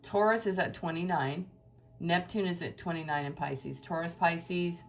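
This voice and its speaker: A woman's voice: fairly low pitch, normal speed, faint music behind. Effusive woman doing a tarot reading. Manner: effusive, spiritual, rambling and emotional. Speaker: tarot reader.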